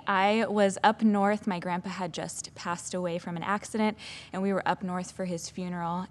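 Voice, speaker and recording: A young adult woman, a children's pastor, giving an earnest, chatty devotional talk full of casual fillers. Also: mid-range voice.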